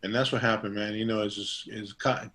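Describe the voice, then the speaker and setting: A man's voice: fairly low pitch, little pitch movement, brisk, fairly bright tone. Rambling middle-aged man telling stories. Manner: rambling, many fillers and restarts; acts out quoted dialogue in a raised voice. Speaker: guest barber. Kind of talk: casual interview storytelling.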